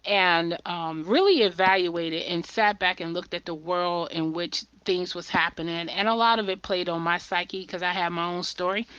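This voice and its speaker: A woman's voice: lowish voice, moderate pace, few pauses, fairly bright tone, smooth, no echo. A woman hosting a podcast who talks with fervent, preachy conviction and often repeats her words. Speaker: podcast host. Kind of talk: impassioned podcast conversation. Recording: dull muffled audio.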